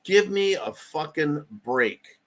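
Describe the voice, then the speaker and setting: A man's voice: fairly high pitch, expressive, slow pace. A man hosting a political commentary channel, ranting in a sarcastic, profane way.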